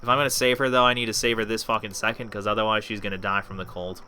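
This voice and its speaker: A man with a low, bright, forceful voice narrates a video game in loose, running commentary. He talks to himself and to the game, swearing freely as he goes. Soft game music plays underneath. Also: little pitch movement, racing. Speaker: let's play host. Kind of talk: casual gameplay commentary.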